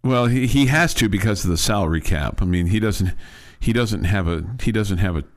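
A man's voice: fairly low pitch, brisk. A man co-hosting a sports talk radio show, speaking casually, with frequent restarts and dry sarcasm. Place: radio studio.

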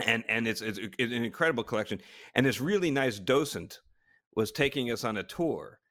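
A man swapping stories on a relaxed podcast, animated and quick to laugh. He stumbles and restarts as he goes, full of energy. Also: medium pitch. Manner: animated storytelling, laughing a lot, many restarts. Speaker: podcast co-host, former astronaut. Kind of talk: casual chat.

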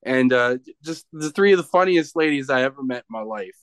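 A man's voice: mid-range voice, lively intonation, fairly quick, clean tone, dry recording. Rambling Canadian man telling a story. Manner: rambling with many restarts and fillers, chuckling. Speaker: professional wrestler, guest. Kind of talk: casual storytelling chat.

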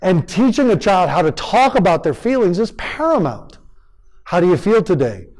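A man's voice: high voice, moderate pace, poor audio. A man giving a live parenting workshop to an audience, acting out how parents talk to children and asking the room for answers. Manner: animated, acts out parent-child exchanges.

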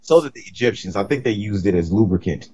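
A man's voice: fairly low pitch, animated, fast talker, warm tone, slightly rough. A man co-hosting a casual podcast, swearing freely, mocking himself and drifting onto tangents. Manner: profane, self-mocking, goes off on tangents. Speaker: podcast co-host.

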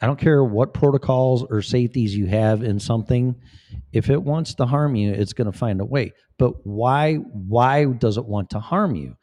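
A man's voice: mid-range voice, normal speed, warm tone. A man giving profane, rambling, blunt commentary as a vlogger. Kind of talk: casual commentary.

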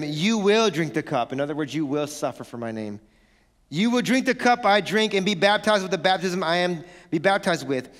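Man, pastor, sermon, high voice, playful and animated, long hall reverb. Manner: animated, playful, acts out family quarrels.

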